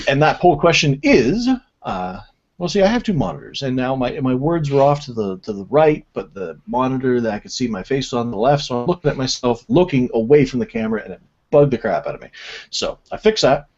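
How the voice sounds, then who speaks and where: A man hosts a casual online racing-sim radio show, chatting in a rambling, self-deprecating way. His pitch swings widely and animatedly. The audio is dull and lo-fi. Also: darkish tone. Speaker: host.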